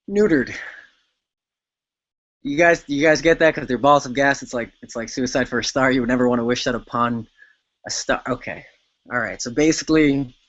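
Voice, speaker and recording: Soft-spoken man performing spoken word. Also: a little high, dry recording, lo-fi sound. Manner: intimate, playful, rhythmic delivery with pauses.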